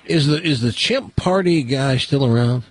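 A man hosting a call-in radio show, jovial, with quick asides to his guest. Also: medium pitch, expressive. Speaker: radio host.

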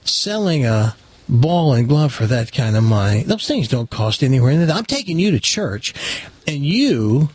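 A man voicing an indignant father scolding his son in a joke, with a husky voice. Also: mid-range voice, big pitch swings, unhurried, darkish tone, no room sound. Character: stern scolding middle-aged father.

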